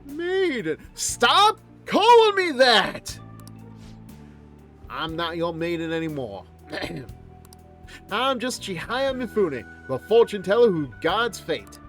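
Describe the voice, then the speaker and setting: A man's voice: high voice, huge pitch swings, takes it slowly, faint music behind, exaggerated voice. A man voicing an earnest young woman fortune teller, talking solemnly and from the heart, now and then slipping into a blunt country dialect while reading game dialogue aloud on stream. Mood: heartfelt.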